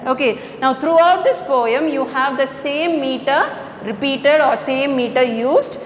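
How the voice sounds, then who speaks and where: A woman's voice: high-pitched, measured pace, slight background noise. A woman teaching a poetry lesson, patiently repeating points and correcting herself as she goes. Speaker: English teacher. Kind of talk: classroom lecture on poetry. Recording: echoey room with long reverb.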